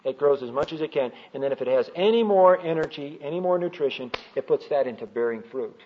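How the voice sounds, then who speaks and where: A man's voice: a little high, animated, fast talker, slight background noise. A man teaching from the Bible, who asks rhetorical questions and answers them himself. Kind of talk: teaching talk. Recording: dull lo-fi recording.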